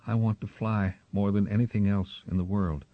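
A man voicing a weak, injured young male gull who pleads quietly for help, on a slightly muffled recording. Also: on the low side, steady tone, moderate pace, close to an everyday voice. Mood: faint pleading. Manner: quiet, faltering, then crying out.

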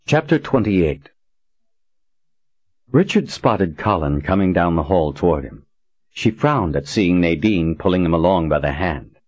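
A man narrating an audiobook in a steady, even reading. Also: low-pitched, unhurried, dry recording. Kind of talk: scripted narration. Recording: dull dry recording.

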